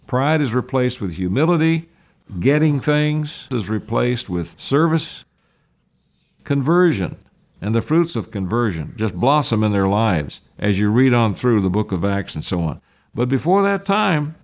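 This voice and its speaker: An older male pastor delivers a sermon in an earnest, deliberate way. His voice sits at a middle pitch. He leans on key phrases and slows down to drive them home. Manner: earnest, deliberate preaching with slow emphatic stresses.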